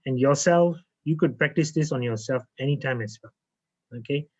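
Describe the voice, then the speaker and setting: A man teaching as a naturopath, guiding a slow, calm relaxation lesson and repeating phrases with frequent okays. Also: mid-range voice. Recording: muffled lo-fi audio.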